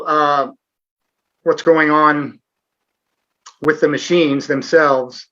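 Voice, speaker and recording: A man's voice: fairly high pitch, steady tone, extremely slow, sharp tone, highs cut off. A middle-aged man hosting a live online Q&A, talking earnestly with sarcastic asides and frequent fillers. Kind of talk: casual livestream interview.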